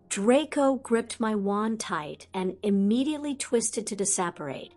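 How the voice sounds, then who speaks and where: A woman narrating a first-person audiobook in a soft, measured way. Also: mid-range voice.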